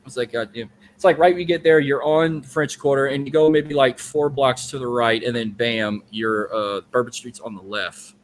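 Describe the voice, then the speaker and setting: A man's voice: mid-range voice, normal speed, few pauses, a little hiss or hum. A man co-hosting a podcast, telling a long story in casual, profane, rambling chat. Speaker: podcast co-host.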